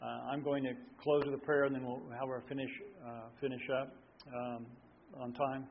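A man's voice: medium pitch, little pitch movement, normal speed, gravelly. A man preaching a sermon, telling stories in a folksy way with many fillers and restarts. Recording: dull lo-fi sound with faint room noise.

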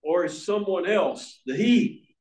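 A man preaching a sermon, slow and emphatic, repeating words for stress. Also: high voice, lively intonation, darkish tone. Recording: echoey room.

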